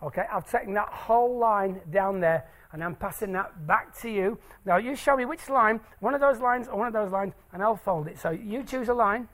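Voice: mid-range voice, normal speed, hardly any pauses, a bit bright. A stage presenter doing maths tricks live for an audience in a hall, playful and jokey as they draw the crowd in.

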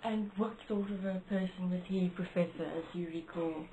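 A woman with a mellow, fairly low voice conducts an oral history interview, putting short, polite questions and quiet prompts to her guest. A faint hiss sits under the recording. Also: fairly even intonation, moderate pace, lo-fi sound.

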